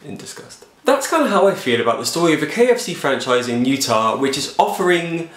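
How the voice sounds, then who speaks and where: A man hosting a fitness vlog, giving sarcastic and animated commentary on news stories. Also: on the high side, fairly quick, echoey room. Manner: animated, sarcastic, jumps into silly voices. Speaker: fitness show host.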